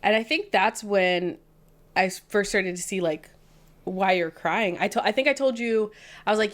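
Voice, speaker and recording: A woman's voice: mid-range voice, normal speed. Podcast lady telling a funny story, keeps cracking up, chatty. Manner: animated, laughs often while telling a story. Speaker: podcast co-host. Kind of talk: casual storytelling chat.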